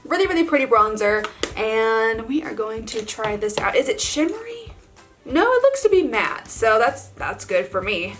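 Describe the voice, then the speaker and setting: A somewhat high-voiced woman talks her way through a makeup tutorial in a chatty, gushing vlog manner. She strings her thoughts together with "like" and breaks into small laughs. Faint music plays underneath. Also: big pitch swings, normal speed. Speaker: beauty vlogger. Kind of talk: casual makeup tutorial chat.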